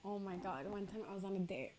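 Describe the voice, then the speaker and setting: A young woman on a podcast, chatting casually and telling an animated story while laughing at herself. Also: medium pitch, fast, a crowd in the background. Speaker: podcast guest. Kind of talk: casual chat.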